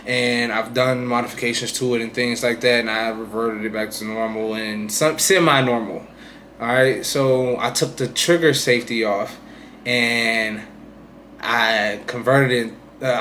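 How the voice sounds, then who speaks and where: A man's voice: mid-range voice, moderate pace. Young guy rambling thru his story, keeps going "you know what im saying", faint hiss behind. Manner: animated retelling, swings loud and soft. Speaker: streamer telling his own story. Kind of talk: casual storytelling.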